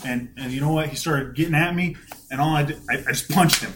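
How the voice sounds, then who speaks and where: A man's voice: on the high side, quick pace, a little hiss or hum. Joking man telling Bible stories. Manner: joking, animated storytelling, laughs often. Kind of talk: casual chat.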